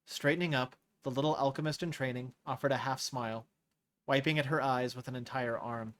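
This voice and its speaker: A man hosting a live reading of a novel, narrating in a measured way and rereading lines he stumbles on. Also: mid-range voice, steady tone, a bit bright. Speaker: host reading a novel aloud. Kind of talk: scripted narration read aloud live.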